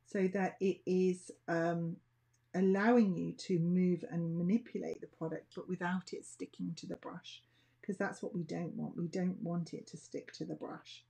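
A woman's voice: fairly low pitch, little pitch movement, normal speed, vocal fry, dark tone, husky. A woman teaching a nail art class, chatting casually and thinking aloud as she works. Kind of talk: casual tutorial demonstration.

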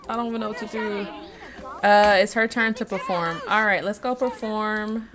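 A woman's voice: mid-range voice, steady tone, normal speed, crowd noise. A woman giving casual gameplay commentary, thinking aloud and chatting to the characters on screen. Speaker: let's-play host.

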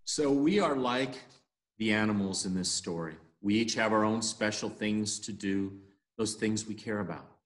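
A man's voice: lowish voice, unhurried. Man telling a story in an echoey room. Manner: animated storytelling. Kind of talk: story for all ages.

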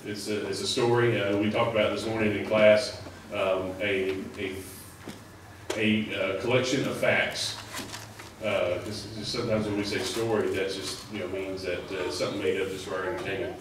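Brief: man, low-ish voice, rambling sermon preacher, heard from a distance in a very echoey church. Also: little pitch movement, moderate pace, background noise. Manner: conversational, rambling with many fillers. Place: church sanctuary. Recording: echoey hall, mic at a distance.

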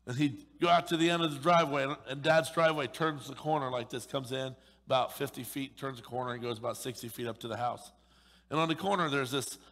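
Bright-voiced man preaching in a hall. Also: mid-range voice. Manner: joking, animated preaching with acted asides. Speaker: pastor. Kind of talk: sermon. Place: church sanctuary. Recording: long reverb of a large hall.

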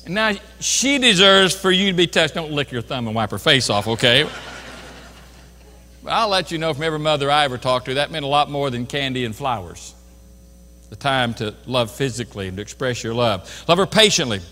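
A man's voice: mid-range voice, animated, fairly quick, pushed and bright. Older preacher man in a reverberant hall. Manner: earnest preaching with folksy asides. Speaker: pastor. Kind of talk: sermon.

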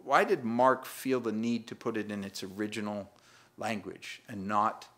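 A man gives a church sermon in a fairly low, steady, fairly bright voice at normal speed. His style is conversational and self-mocking, with humorous voice impressions and frequent laughs at the passage he's reading.

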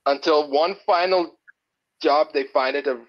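A man chatting casually, talking in halting bursts full of restarts and fillers and laughing at his own jokes. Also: on the high side. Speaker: guest. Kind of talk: casual chat. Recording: dull lo-fi sound.

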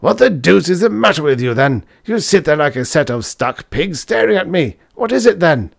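A man voicing a hearty, testy elderly male professor who blusters and shouts in high spirits. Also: very animated, moderate pace, no echo, studio quality. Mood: boisterous.

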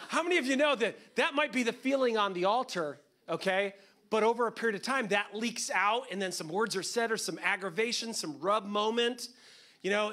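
A man's voice: sits high, pushed and bright. A man preaching a sermon as pastor, in a conversational, joking manner that often acts out what people say.

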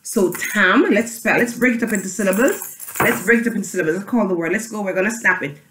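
A woman's voice: medium pitch, fast talker, reverberant, background noise. A woman teaching a children's phonics reading lesson, chanting and spelling letters aloud with her class. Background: tambourine jangling.

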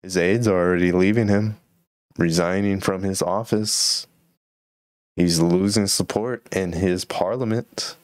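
A man's voice: deep voice, fairly even intonation, unhurried, no echo, studio quality. A man hosting a solo podcast, musing and rambling casually about current events. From Texas. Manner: rambling, musing, laid-back. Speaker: podcast host.

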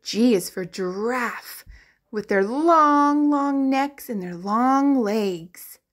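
Slow, bubbly woman teaching toddlers. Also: fairly high pitch. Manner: exaggerated, animated, playful animal sounds. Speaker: children's educator. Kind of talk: slow, sing-song alphabet lesson for toddlers.

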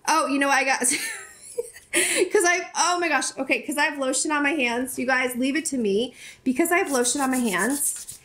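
A woman's voice: high-pitched, normal speed, a bit bright. A woman in her forties, a YouTuber, chatting to camera as she opens gifts. She gushes, restarts often and fills her talk with fillers. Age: 40s. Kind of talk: casual unboxing chat to camera.

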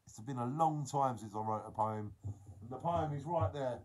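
A man's voice: medium pitch, normal speed, darkish tone, a little hiss or hum. A man, chatting casually to his viewers during a livestream, reading out their comments and encouraging them. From England. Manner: earnest, encouraging, emphatic.

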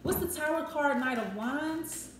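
A woman's voice: high voice, a little slow. A woman doing a casual tarot reading, thinking aloud and acting out short quoted voices. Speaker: tarot reader. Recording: echoey room with faint noise.

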